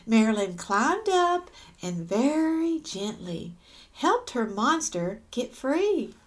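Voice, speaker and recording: A woman reads a children's picture book aloud in an unhurried, high voice. Her pitch swoops up and down as she lingers over each line. She breaks off for gasps and small asides to her listeners. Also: sing-song. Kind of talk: read-aloud storytelling.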